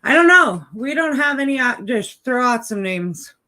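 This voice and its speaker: A woman's voice: fairly high pitch, lively intonation, moderate pace, sharp tone. A woman chatting casually in a home vlog, rambling and cooing to a puppy on her lap. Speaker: vlogger. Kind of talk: casual chat. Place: home indoors.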